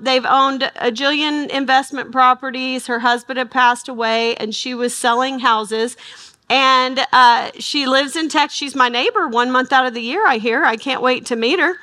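A middle-aged woman teaching a Bible study, telling a personal story in a chatty, animated way and acting out the dialogue. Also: high voice. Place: in front of an audience.

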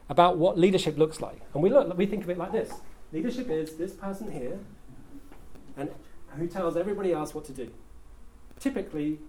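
A man's voice: fairly high pitch, mellow, slight background noise. A man, a pastor preaching a sermon in a conversational, humorous way, often checking in with "okay?". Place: church hall.

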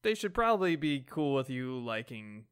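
A man's voice: mid-range voice, big pitch swings, moderate pace, clear, resonant tone. A man in a casual comics chat, speaking wryly and joking, often laughing as he talks. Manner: wry, joking, laughs through lines.

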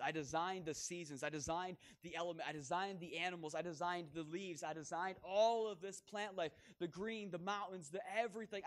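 A man speaking as a gentle, proud God. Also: a little high, natural voice. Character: God the father, calm and proud.

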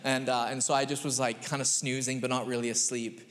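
A man, preaching a sermon and telling a lively family story with acted-out quotes. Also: mid-range voice, a little fast. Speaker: pastor. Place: church sanctuary. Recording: long hall reverb in a church.

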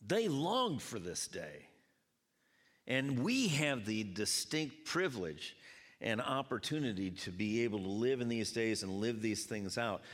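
This pastor's mid-range voice comes a little slow as he preaches in a church sanctuary, the recording carrying long hall reverb. He keeps things lively and chatty, trading banter with the congregation.

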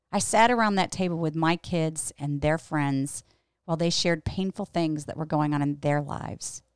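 A middle-aged woman tells a personal story in a low, gravelly voice, reflective and candid. Her words come out earnest and unhurried, like a host talking straight to her listeners. The sound is close and dry. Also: no room sound. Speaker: podcast host and Bible teacher.

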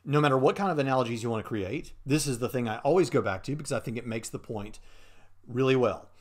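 A man's voice: medium pitch, quick pace. A man hosting a show, commenting casually on a played clip in an earnest, argumentative way, thinking aloud as he goes. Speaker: host.

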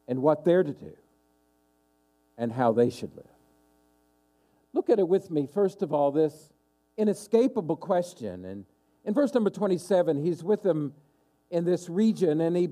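Animated emphatic male preacher. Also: on the high side, a little slow, pauses often. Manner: emphatic, repeats key questions for stress. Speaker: pastor. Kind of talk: sermon.

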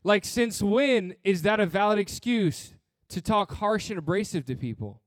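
Man, pastor preaching, fairly high voice, blunt and earnest, dry close sound. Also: animated, normal speed, no echo. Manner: earnest, blunt preaching with humor and repeated phrases. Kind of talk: sermon.

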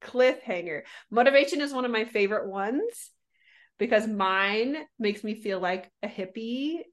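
A woman's voice: a little high, a little slow. A woman co-hosting a podcast in casual chat, rambling and restarting her sentences with frequent laughs. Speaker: podcast co-host.

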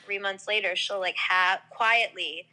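A woman's voice: medium pitch, fairly even intonation, measured pace, sharp tone, low-quality recording. A young woman from the New York area in casual chat, rambling with many filler words.

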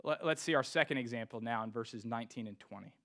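A man's voice: mid-range voice, fast, fairly bright tone. A man preaching a sermon to his congregation, reading scripture and rising to emphatic rhetorical questions. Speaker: pastor.

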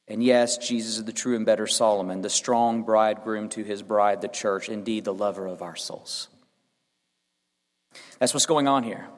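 A man preaching a sermon and reading scripture aloud, earnest and rising to emphatic peaks. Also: mid-range voice. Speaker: pastor. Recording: long hall reverb.

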